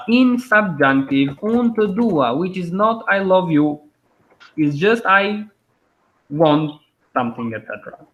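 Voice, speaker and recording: A man teaching a language lesson online, patiently explaining and repeating words slowly. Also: fairly high pitch, reverberant, narrow, tinny audio, a little hiss or hum.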